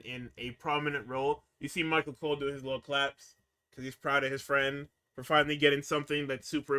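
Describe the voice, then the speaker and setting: A man's voice: mid-range voice, pushed and bright. A man co-hosting a podcast, recapping wrestling in casual, profane chat, acting out quotes and laughing often.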